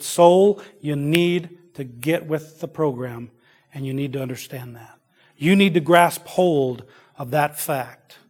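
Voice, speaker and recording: A man preaching a sermon, shifting between loud exclamations and quiet asides, telling stories in a conversational way. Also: a little high, breathy edge. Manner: conversational storytelling with fillers.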